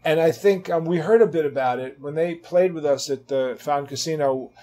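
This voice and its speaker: A man in his sixties, an interview guest telling casual anecdotes in an animated way, swearing freely and acting out the people he quotes. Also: fairly high pitch, fairly quick. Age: 60s. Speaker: interview guest, rock guitarist.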